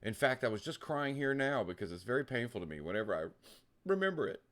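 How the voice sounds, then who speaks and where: A man's voice: mid-range voice, big pitch swings, fast, a bit bright, voice pushed up. A man voicing a sugary woman romance scammer who poses as a soldier and coos "honey" at him. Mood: mournful. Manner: cooing, calls him honey.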